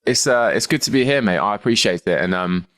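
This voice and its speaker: A man's voice: lowish voice, expressive, fast, fairly bright tone. A man chatting casually as a podcast guest over a video call, calling everyone "mate". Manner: matey, peppers speech with "mate".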